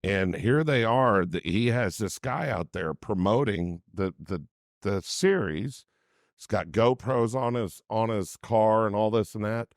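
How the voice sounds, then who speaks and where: A male co-host with a lowish voice, close and dry on the mic. He spins folksy anecdotes, playing out each side of the conversation as he goes. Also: unhurried, no echo. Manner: folksy anecdote teller who acts out dialogue. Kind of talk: casual talk show chat.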